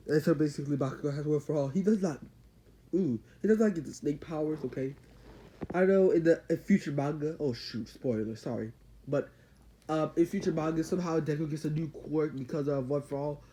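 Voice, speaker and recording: A man's voice: on the high side, fairly quick, warm tone, slight background noise, rough recording. Rambling storyteller man with sound effects. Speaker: channel host. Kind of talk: excited story retelling.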